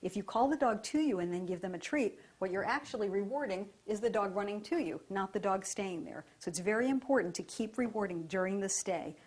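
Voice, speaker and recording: Woman dog trainer, breathy, calm and even, instructional. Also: medium pitch, fairly quick.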